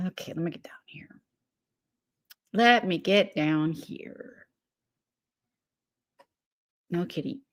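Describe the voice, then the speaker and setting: A woman's voice: medium pitch, creaky. A woman hosting a casual livestream, greeting viewers by name and giggling, then rambling with many fillers. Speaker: livestream host.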